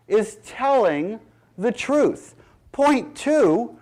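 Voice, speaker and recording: Emphatic high-voiced man giving a speech. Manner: emphatic, sarcastic lecturing. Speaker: speaker. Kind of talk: public speech.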